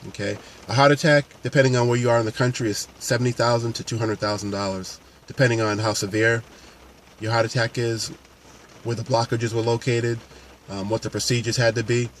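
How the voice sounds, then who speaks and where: With a mid-range voice and flat, brisk delivery, this paramedic and fitness coach speaks earnestly to camera without a script, restarting frequently. The talk is casual, and a little hiss or hum can be heard.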